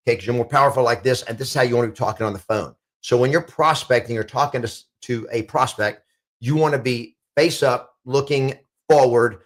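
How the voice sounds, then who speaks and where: A man's voice: medium pitch, fairly quick. A middle-aged man coaching real estate agents in a motivational talk, punchy and repetitive.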